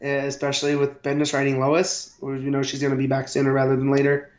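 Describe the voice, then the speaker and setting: A man co-hosting a casual comic book review podcast, giving his opinions in a relaxed, agreeable way. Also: medium pitch, fast talker. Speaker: podcast co-host. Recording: roomy, dull lo-fi sound.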